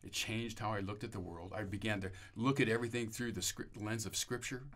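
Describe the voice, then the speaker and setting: A man's voice: lowish voice, fairly even intonation, fairly quick, a bit bright. A man telling a rambling personal faith testimony in an interview, with restarts and laughter. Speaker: interview guest.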